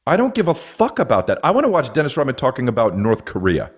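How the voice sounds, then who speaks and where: A man in his thirties hosting a podcast, ranting comedically with lots of swearing and quick put-on voices. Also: medium pitch. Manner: profane, animated, acts out silly voices. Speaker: podcast host. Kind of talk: comedic rant.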